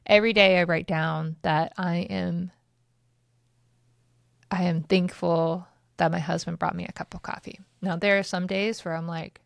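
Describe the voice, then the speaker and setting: Woman podcast host in her thirties, frank and chatty, fairly low voice, dry close sound. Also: fairly even intonation, moderate pace, gravelly, no room sound. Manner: candid and chatty, with swearing and laughter. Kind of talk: casual solo podcast talk.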